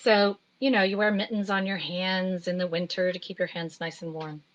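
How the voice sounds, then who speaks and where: A woman artist hosting a children's story time, chatting gently with many ums. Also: on the low side, steady tone, moderate pace, highs cut off. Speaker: artist reading picture books to children. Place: home.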